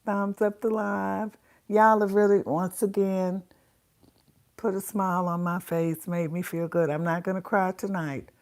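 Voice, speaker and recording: A woman's voice: medium pitch, level tone, unhurried, a little mellow. A woman hosting a casual livestream, chatting with her viewers and greeting them by name, her voice a little congested. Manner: chatty, talks to chat viewers. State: congested sinuses. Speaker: livestream host.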